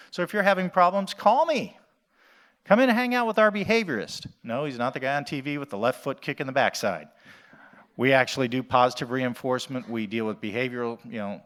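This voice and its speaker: A man from the USA giving a conference talk as an animal shelter director. He speaks at an ordinary mid pitch, chatty and quick to joke. He talks straight to the audience. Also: fairly bright tone. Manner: jokey, conversational, addresses audience directly. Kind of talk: conference presentation.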